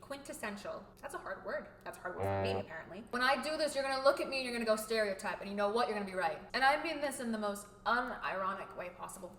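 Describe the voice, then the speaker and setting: A young woman talking to camera in a casual vlog, animated and expressive, going from loud to quiet. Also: a little high, rapid-fire, few pauses, roomy sound, heavy background noise. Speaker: vlogger.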